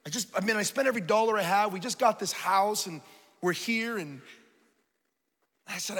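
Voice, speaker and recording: A man preaching a sermon with a high, bright voice that rings through a large hall. He tells his story in an animated, self-mocking way. He laughs often. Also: normal speed, long pauses, slightly rough.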